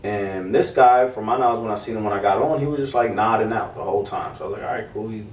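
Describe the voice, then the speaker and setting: Young male co-host, casual storyteller, swears a lot, a bit low-pitched, heard far off in a roomy space. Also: fast. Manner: animated, swearing, acts out quoted voices. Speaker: podcast co-host. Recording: roomy, distant mic.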